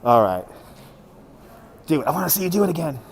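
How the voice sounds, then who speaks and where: A man's voice: a little high, big pitch swings, a little fast, slight background noise. A man livestreaming as he walks a city street and into a market, chatting to viewers and laughing often, recorded on a phone on a handheld gimbal. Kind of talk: live walking stream commentary.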